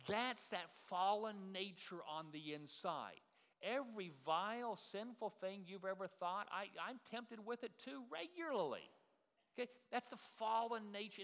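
Middle-aged male pastor, higher voice, chatty sermon style, long hall reverb. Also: fairly bright tone. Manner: conversational preaching with many fillers and restarts.

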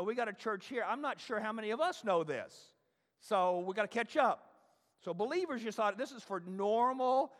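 A pastor preaching a sermon in an emphatic, conversational way, often asking his listeners rhetorical questions. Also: sits high. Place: church sanctuary. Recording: long reverb of a large hall.

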